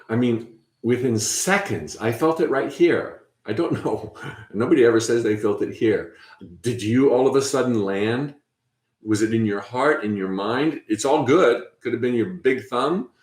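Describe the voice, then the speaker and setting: A man hosting a spiritual talk, conversational and encouraging, often repeating phrases softly as he guides listeners. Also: medium pitch, measured pace, roomy sound. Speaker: host.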